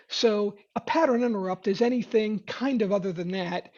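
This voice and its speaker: Lively sales trainer man, dull webinar audio. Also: high voice. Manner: lively, quick restarts, demonstrates tone of voice. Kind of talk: webinar teaching.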